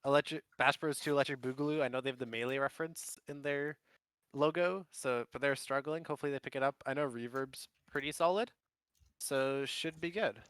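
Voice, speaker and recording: A man with a bright, smooth, crisp voice recaps esports results, recorded dry and close. He talks loosely and admits what he doesn't know. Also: medium pitch, a little fast, no room sound. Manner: relaxed, rambling, self-deprecating. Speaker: co-host analyst.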